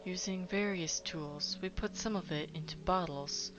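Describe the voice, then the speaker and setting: A woman's voice: fairly low pitch, over music, close to an everyday voice. A woman doing a hesitant, fussy mine clerk. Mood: explaining. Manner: hesitant, halting and polite. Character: nervous fussy clerk of the mines. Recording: dull lo-fi with faint noise.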